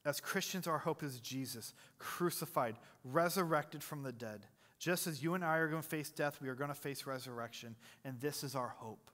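Preaching at a moderate pace, a man with a fairly high, fairly bright voice leads the congregation as pastor, joking and chatting and quizzing them between earnest points. The church sanctuary gives the recording a long hall reverb.

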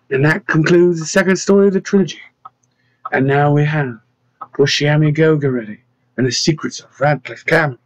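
Narrator: man, fairly high voice, storybook reading, dull dry close recording. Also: a little mellow, dry recording. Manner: reads dialogue with small voice changes.

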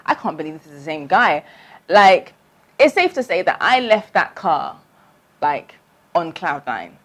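A young woman from tells a personal storytime on her vlog. Her speaking voice sits on the lower side, but it leaps up high whenever she acts out what she thought back then. She talks in a chatty, animated way, straight to her viewers. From London. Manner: animated storytelling, acting out her own past voice with big pitch jumps. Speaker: vlogger.

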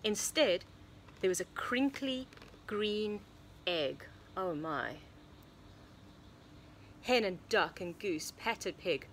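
A preschool teacher, a woman, reading a picture book aloud to young children in a sing-song storybook voice with hushed asides. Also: medium pitch, animated, drawn-out words, pauses often, slight background noise. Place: home or classroom, recording online lesson.

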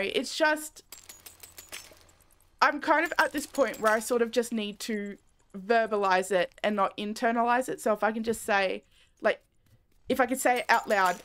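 Chatty woman streamer, higher voice. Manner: rambling, candid, soft-spoken, laughs often. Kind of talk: casual live-stream chat while gaming.

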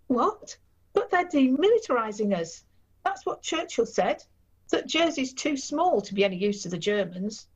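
Panicky young wife, woman reading her, pitch up high, dull recording. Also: big pitch swings, moderate pace, breathy edge, heavily acted. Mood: alarmed. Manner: panicked, pleading. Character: young woman on occupied island, anxious, distraught.

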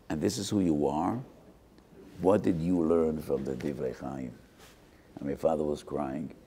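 Older male rabbi; very low, gravelly timbre; earnest, measured sermon delivery. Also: warm tone. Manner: measured, earnest, mixes Hebrew and Yiddish terms. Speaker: rabbi giving a short Torah talk. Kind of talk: Torah talk.

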